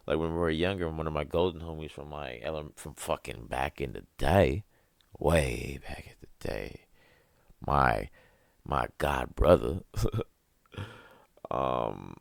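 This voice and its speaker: A young man with a very deep, rumbling voice and a gravelly edge rants through a casual podcast monologue. He rambles, swears freely and laughs at his own jokes. The sound is dry and close, with no room echo. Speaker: podcast host.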